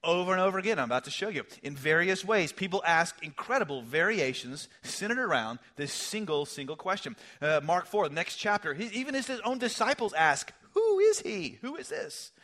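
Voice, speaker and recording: A middle-aged man preaching a sermon, swinging from loud emphasis down to hushed, near-whispered lines. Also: sits high, animated, a little fast, hardly any pauses. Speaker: pastor.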